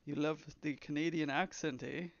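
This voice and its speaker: A young game developer chats casually on a live stream, rambling and reading the chat aloud. He has an unhurried mid-range voice with vocal fry, no room sound, and slightly dull, lo-fi stream audio.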